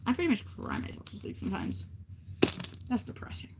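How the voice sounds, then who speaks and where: A teenage girl livestreaming, chatting casually and rambling with lots of fillers. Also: fairly quick. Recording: noisy stream audio.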